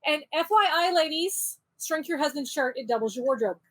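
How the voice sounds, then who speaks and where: A woman's voice: high voice, lively intonation, a little fast, a bit bright. A woman co-hosting a podcast, presenting a light segment in a bubbly, joking way. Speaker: podcast co-host.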